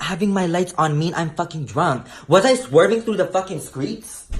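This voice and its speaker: A man's voice: sits high, lively intonation, normal speed, few pauses. A young man telling a brash, profane story in a sassy storytime vlog. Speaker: vlogger. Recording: roomy echo.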